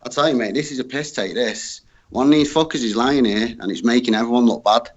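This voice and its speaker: A man's voice: medium pitch, a little fast. Ranting British man on a dull line. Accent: British English. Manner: blunt, heavy swearing, ranting. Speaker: livestream guest. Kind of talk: casual livestream chat.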